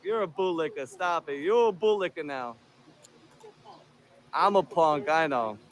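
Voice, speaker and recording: Guy filming on his phone outside, mocking n swearing, kinda high voice. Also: animated, unhurried, a little hiss or hum. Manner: taunting, profane, combative. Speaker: video host filming encounters. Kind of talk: confrontational street filming. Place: outdoors. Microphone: handheld phone.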